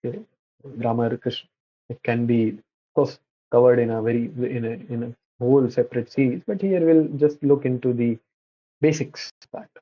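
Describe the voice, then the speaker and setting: Halting man lecturing on scripture, lo-fi. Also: mid-range voice, fairly even intonation. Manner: halting, many restarts and self-corrections. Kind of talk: slide-based religious lecture. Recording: dull lo-fi recording.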